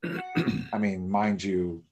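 A man co-hosting a live horror podcast, animated and joking, swearing casually. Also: sits low, slow pace. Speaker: podcast co-host.

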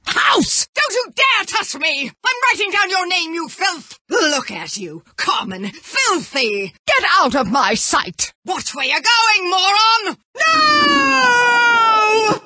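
A woman voicing a haughty, unhinged society lady in a video game, shrill and imperious, swinging between sighs and screams. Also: sing-song, takes it slowly, bright, forceful tone, shouting, heavily acted. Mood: panicked. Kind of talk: video game character barks.

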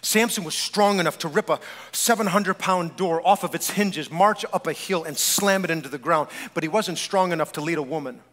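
A male pastor delivers an animated sermon, teasing and addressing the congregation directly. His voice sits high and sounds bright and forceful. A long church-hall reverb trails his words. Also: a little fast. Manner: animated, joking preacher speaking straight to the congregation. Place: church sanctuary.

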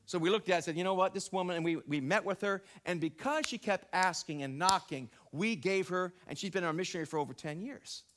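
A middle-aged man preaching a sermon in a church, telling stories in an animated way, exclaiming and repeating his phrases. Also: sits high, fast, hardly any pauses. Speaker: pastor. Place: church sanctuary.

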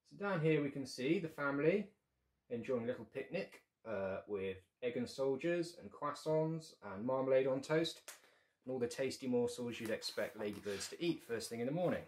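A man's voice: medium pitch, a little mellow. A man reading his picture book aloud to children, with playful asides to young listeners.

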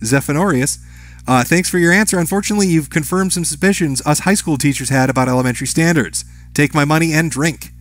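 A fast-talking man with a fairly high pitch reads out live-stream chat. He gives the viewer names and their messages, then responds to each with a brief, casual remark.

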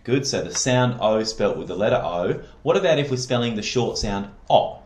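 A man's voice: mid-range voice, lively intonation, normal speed, a little hiss or hum. A man tutoring a child one-on-one in phonics, giving patient, encouraging drill prompts. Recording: echoey room.

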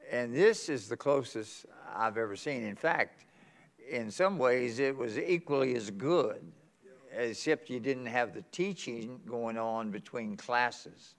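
A man's voice: medium pitch, takes it slowly. A man in his eighties from West Virginia, a pastor with a West Virginian accent, telling folksy stories at a conference sermon and chuckling often. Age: 80s. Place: church conference hall.

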